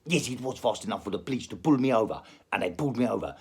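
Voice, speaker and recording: Gravelly, crude rambling man. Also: lowish voice, lively intonation, racing, a little mellow. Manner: crude, swearing, jumps between put-on accents. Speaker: podcast host. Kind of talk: rambling comic monologue.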